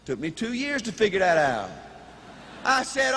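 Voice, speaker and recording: A man giving a live motivational speech in an animated, folksy way, with punchy repetition and shouting. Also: very high voice, measured pace. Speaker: motivational speaker. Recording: reverberant hall, faint noise.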